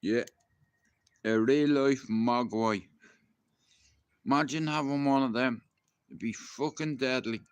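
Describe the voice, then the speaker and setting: A man's voice: mid-range voice, takes it slowly, pauses often, smooth, no echo. Man, Dublin Irish accent, middle-aged, rambling storyteller, swears a lot, close dry sound. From Ireland. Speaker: live streamer. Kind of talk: casual live-stream storytelling. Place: outdoors in a garden.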